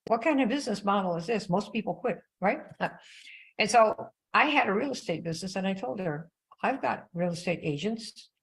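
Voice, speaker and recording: Older female sales coach, low gravelly voice, lively conversational delivery. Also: poor audio. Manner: animated storytelling, conversational. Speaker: network marketing coach. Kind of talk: casual live-stream talk.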